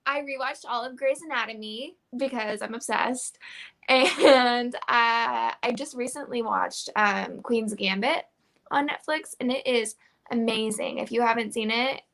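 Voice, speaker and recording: A young adult woman talks as a guest in a relaxed interview. She sounds bubbly and laughs easily. Her voice sits a little higher than most. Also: measured pace. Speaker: guest musician. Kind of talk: casual interview chat.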